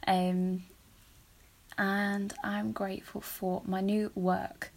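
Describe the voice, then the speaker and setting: Gravelly, emotional woman podcast host. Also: mid-range voice, level tone, very slow, slight background noise. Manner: emotional, rambling and self-deprecating, laughs often. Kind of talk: casual podcast chat.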